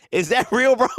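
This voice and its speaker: A man's voice: very high-pitched, no room sound, clean studio sound. A man hosting a sports talk show, chatting casually, laughing hard and often and repeating his words.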